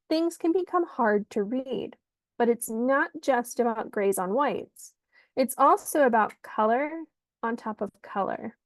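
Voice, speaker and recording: A woman giving an online lesson on designing pitch slides, speaking clearly and emphatically like a teacher. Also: no echo. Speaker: pitch coach. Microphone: video call.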